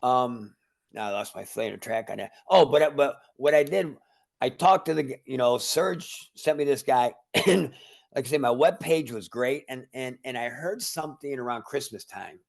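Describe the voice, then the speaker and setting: Casting note: gravelly man at middle pitch, a judo instructor, rambling and repetitive, chatting casually on a podcast. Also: moderate pace. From Cleveland, Ohio area. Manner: rambling, repeats words, acts out conversations. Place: remote call.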